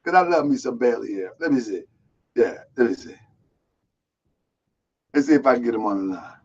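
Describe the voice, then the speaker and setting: A man from Baltimore hosting a live online show, talking loud, boisterous and streetwise, calling people out. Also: mid-range voice, lively intonation, fairly quick, slightly rough, highs cut off. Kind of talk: casual live-stream talk.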